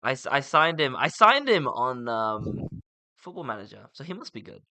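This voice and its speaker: Bright young man leading football chat. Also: mid-range voice, big pitch swings, dry recording. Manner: upbeat, leads topics with quick questions. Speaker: podcast co-host.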